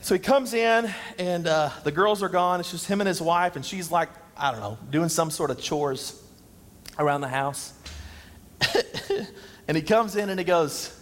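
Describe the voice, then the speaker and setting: A man's voice: fairly high pitch, a little slow. A man preaching a sermon as pastor, conversational and self-deprecating. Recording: long reverb.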